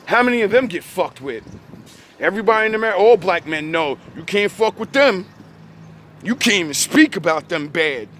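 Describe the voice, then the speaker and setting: High-voiced male vlogger, angry profane rant recorded in a car, faint traffic behind. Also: creaky. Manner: angry, swearing, rising to shouts.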